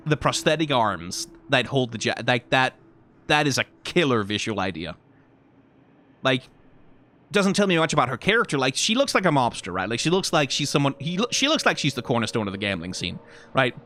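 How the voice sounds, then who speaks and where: A man reacting to game character designs in casual, rambling commentary, full of fillers, restarts and sudden excited jumps. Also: normal speed, long pauses. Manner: rambling, frequent fillers and self-corrections; animated, pitch jumps when excited.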